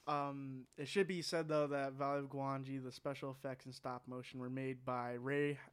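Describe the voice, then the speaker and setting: Smooth-voiced man sharing film trivia. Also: mid-range voice, little pitch movement, normal speed. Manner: informative, lists films with fillers. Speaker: podcast co-host. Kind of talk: casual movie review chat.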